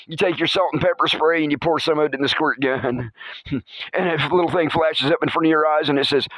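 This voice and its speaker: A man narrating a comic horror story, chuckling often as he tells it in a playful, animated way. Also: fairly high pitch, fairly quick, dry recording, rough recording. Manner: chuckles through his telling, animated and playful.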